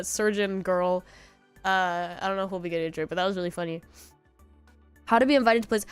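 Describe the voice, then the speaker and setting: A woman's voice: mid-range voice, clean tone, dry recording. A young woman streaming from home, chatting casually and telling rambling stories in a loose, laughing way. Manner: rambling storytelling with laughs and quoted voices.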